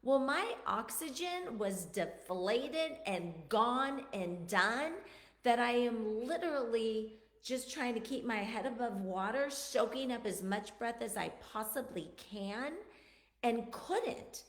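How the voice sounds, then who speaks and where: Woman vlogger, fairly high voice with gravelly fry, earnest and emotional, echoey room. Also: animated, slow pace, a bit bright. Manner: emotional, earnest, repeats words for emphasis. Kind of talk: personal confessional talk to camera.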